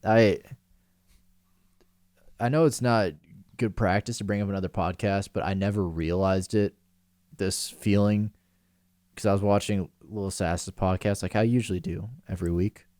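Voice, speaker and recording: Low-voiced young man, casual rambling chat. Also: fairly even intonation, normal speed, long pauses, a little mellow, no echo. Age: 20s. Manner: rambling storyteller, self-deprecating, giggly. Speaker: podcast co-host.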